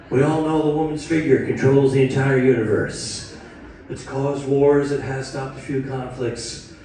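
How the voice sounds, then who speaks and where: A man's voice: medium pitch, mellow. A man doing stand-up comedy, self-deprecating and chatty with the crowd. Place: cruise ship theater. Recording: echoey hall, distant mic, audience noise.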